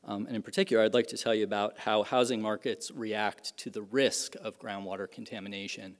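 A middle-aged male professor delivers an academic lecture in a fairly low voice, measured and careful, pausing with fillers and restarting phrases. The sound carries a long reverb from the lecture hall. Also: level tone. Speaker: economics professor.

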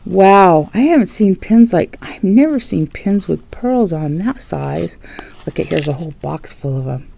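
Woman crafting vlogger, unboxing, slow and excitable with a wide-ranging voice, sometimes hushed. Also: fairly low pitch, creaky, low-quality recording. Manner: gushing, gasping, often drops to a hushed whisper. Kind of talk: casual unboxing vlog. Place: home, at a dining table.

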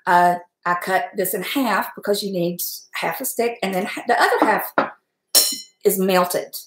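A middle-aged woman, hosting a casual cooking stream from her home kitchen, folksy and chatty, laughing often and talking fast from nerves. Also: mid-range voice, noisy background. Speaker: home cook and channel host. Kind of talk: casual cooking livestream chat. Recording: echoey kitchen room.

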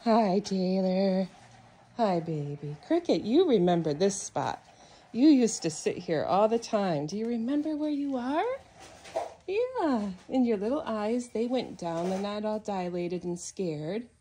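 A woman filming a casual vlog, talking gently to rescued cats in soft, soothing baby talk. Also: medium pitch, expressive, measured pace, husky. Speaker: cat rescuer.

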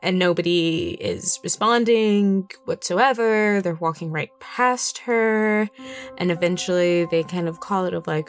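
A woman's voice: lowish voice, measured pace, faint music behind. A woman playing a tabletop game, describing her character's scene vividly with many casual fillers. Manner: vivid storyteller, lots of fillers. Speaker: player.

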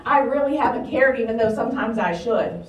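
Woman pastor, light Southern accent, humorous sermon, fairly high voice, roomy distant sound. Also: fairly quick. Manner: chatty, humorous, animated, laughing often. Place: church sanctuary.

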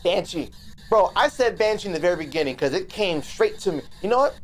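Male game streamer, loose and excitable, rambles and curses his way through live commentary. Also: sits high, fairly quick, slight background noise. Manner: excitable, swearing, rambling with restarts.

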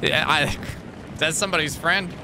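A man's voice: fairly high pitch, fairly even intonation, moderate pace, background noise. A man from New Jersey chatting playfully while streaming a video game. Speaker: gaming streamer. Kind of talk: casual live-stream commentary.

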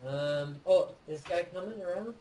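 A man co-hosting a let's play, chatting casually and excitedly while directing his partner through a game. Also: high-pitched, moderate pace, slight background noise, poor audio. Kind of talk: casual gameplay chat.

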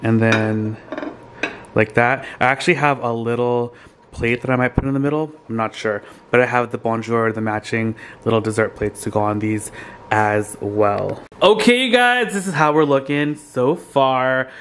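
A man hosting a casual vlog, gushing and excitable, talking straight to viewers while filming on a handheld camera. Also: mid-range voice, normal speed, a little hiss or hum. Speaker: vlogger host. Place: thrift store, then home kitchen.

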